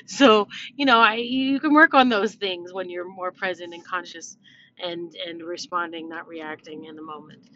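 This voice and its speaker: A woman's voice: lowish voice, normal speed. A middle-aged woman talking casually to her viewers in a chatty, reflective way, with many fillers and restarts. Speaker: vlogger. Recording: slightly dull, faint background noise.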